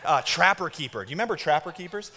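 Animated pastor preaching in a big hall. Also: male voice, on the high side, quick pace, faint music behind. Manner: animated storytelling with shouted kid impressions. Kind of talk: sermon. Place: church auditorium. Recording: long reverb of a large hall.

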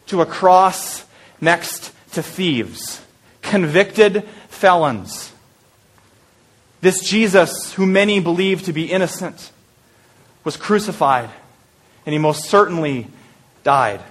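Here a high-voiced male pastor tells the Easter story as a sermon. He drops to a hush for the intimate moments and sprinkles in lighthearted asides along the way.

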